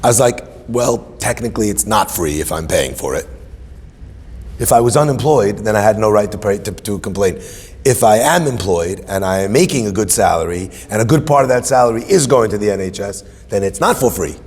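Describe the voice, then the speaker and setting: A man's voice: fairly low pitch, brisk, breathy edge, big-room sound. A man, a rabbi, telling a personal story in sermon style and acting out the dialogue. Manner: animated, acts out dialogue in quotes.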